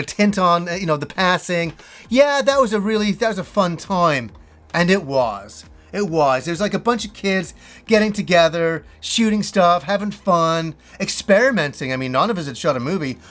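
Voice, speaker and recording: A man's voice: high voice, fairly bright tone. A middle-aged man hosting a gaming show, reminiscing in a casual, rambling way and acting out remembered conversations with enthusiasm. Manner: enthusiastic, rambling storyteller who acts out quotes. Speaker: host.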